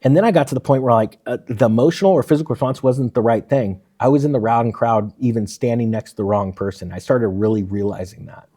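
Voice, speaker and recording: A man's voice: medium pitch, fast, hardly any pauses, breathy edge. Man telling stories animatedly. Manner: animated storyteller, acts out quoted dialogue. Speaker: guest, former firefighter. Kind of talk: casual storytelling interview.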